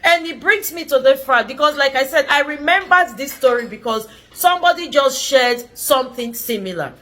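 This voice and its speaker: A woman's voice: high-pitched, expressive, moderate pace, sharp tone. A middle-aged woman vlogger telling a personal story, earnest and emphatic, repeating phrases for stress.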